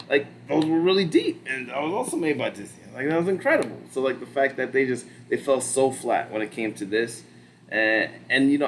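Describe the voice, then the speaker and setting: A man's voice: mid-range voice, slight background noise, low-quality recording. A young man talking casually as a podcast host, rambling with lots of fillers and the odd curse word. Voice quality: rambling, full of fillers and swearing. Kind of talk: casual chat.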